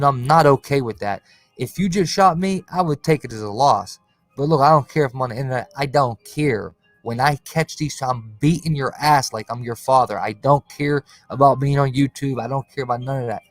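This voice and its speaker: A man's voice: mid-range voice, no room sound. Slangy ranting man livestreaming. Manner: confrontational, slangy, repeats "bro" and "cuz". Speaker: conspiracy channel host. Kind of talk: casual livestream rant.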